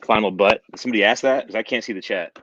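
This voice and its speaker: A man's voice: on the low side, quick pace, a bit bright, muffled recording, slight background noise. A man joining a live stream over a video call, chatting in a laid-back, offhand way. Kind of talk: casual chat.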